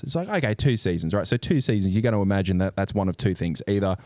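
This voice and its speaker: A man's voice: deep voice, lively intonation, fast talker, few pauses, darkish tone, dry recording. A man co-hosting a podcast in casual chat, ranting animatedly with swearing and exasperated laughs. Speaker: podcast co-host.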